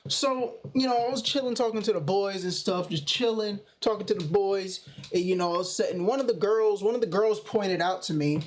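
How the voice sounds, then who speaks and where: A man's voice: high-pitched, a little fast, few pauses, a little hiss or hum. Slangy young man telling a story. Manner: slangy, animated retelling with "bro" and "you know". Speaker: storytime vlogger. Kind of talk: casual storytelling.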